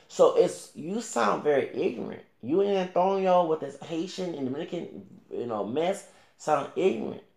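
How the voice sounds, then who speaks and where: A man's voice: on the high side, creaky, darkish tone, roomy sound. A man ranting casually to camera as a YouTuber, rambling with many restarts and fillers and talking back directly to another creator.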